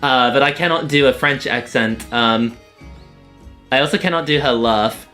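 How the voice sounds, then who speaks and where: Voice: medium pitch, moderate pace, bright, forceful tone, soft background music. A streamer casually chatting with viewers while playing a game, rambling and often breaking off mid-sentence. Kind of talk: casual live-stream chat.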